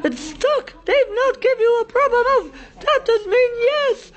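A woman voicing a lovesick male snowman hunting for his sweetheart, whiny and excitable, in a homemade toy play. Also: extremely high pitch, a little slow. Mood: giddy. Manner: whiny, excitable, chattering to toys. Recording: dull lo-fi home video.

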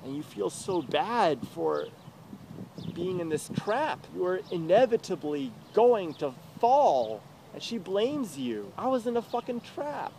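A man's voice: high voice, very animated, takes it slowly, vocal fry, background noise. A young man in an emotional confessional rant, agitated and profane, rambling and swinging between muttering and outbursts, recorded outdoors in a city.

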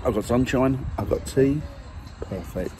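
A man's voice: mid-range voice, a little slow, mellow, faint music behind. A man vlogging casually in his garden, jokey and self-mocking about his family. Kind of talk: casual family vlog chat. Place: garden outdoors.

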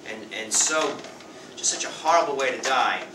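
A man teaching a high school history class, lively and playful, acting out quick voices for the people in his story. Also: background noise. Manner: lively, acts out quick voices of nations and leaders. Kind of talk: classroom lecture. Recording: roomy classroom sound from far off.

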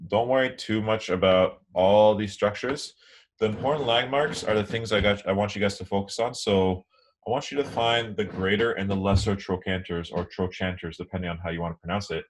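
A young man giving an anatomy lecture online, explaining casually with many ums. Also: fairly low pitch. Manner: relaxed, filler-heavy explaining.

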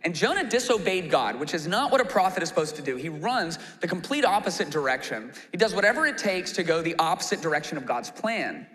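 A man preaching a sermon as a pastor, animated and acting out quoted complaints in a raised voice. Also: a little high, brisk, hardly any pauses, big-room sound. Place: church auditorium.

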